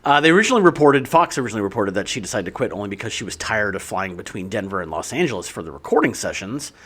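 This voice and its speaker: A man's voice: lowish voice, sing-song, racing, fairly bright tone, husky. A man hosting a podcast, reading facts from his notes in casual chat and laughing easily. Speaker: podcast host reading trivia.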